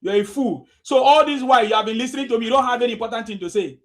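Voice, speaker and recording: A Nigerian man runs a live call-in show with a high voice. He shouts insults at callers and laughs at them mockingly. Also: rapid-fire. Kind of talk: combative live call-in chat.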